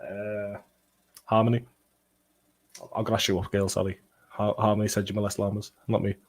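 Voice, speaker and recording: A young man hosting a football watchalong livestream, bantering and swearing as he reads out chat comments, with bursts of excited play-by-play. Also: fairly low pitch, normal speed. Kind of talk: casual livestream chat and match reaction.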